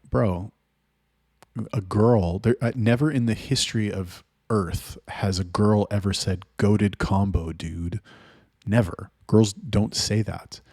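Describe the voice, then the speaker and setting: Blunt, low-voiced young man vlogging. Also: a little mellow, no echo, studio quality. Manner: blunt, profane, rambling. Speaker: host. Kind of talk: casual vlog monologue.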